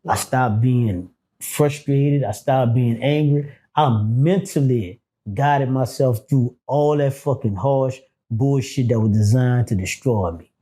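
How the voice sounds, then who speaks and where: A man telling prison stories in a casual interview, animated and profane, acting out quotes. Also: medium pitch, a little slow, breathy edge. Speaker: guest, former prisoner.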